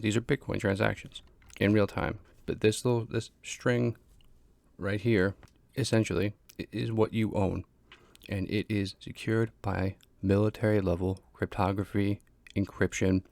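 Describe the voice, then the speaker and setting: A man's voice: on the low side, vocal fry, a little mellow, no room sound. A man hosting a casual explainer monologue, speaking plainly, repeating himself and restarting often. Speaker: crypto explainer host.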